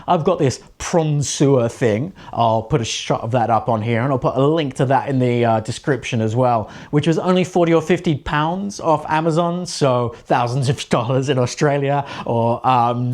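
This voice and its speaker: A man's voice: medium pitch, darkish tone. A man who hosts a channel and coaches on-camera presenting, talking to camera in a chatty, rambling, self-mocking way. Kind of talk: casual talk to camera.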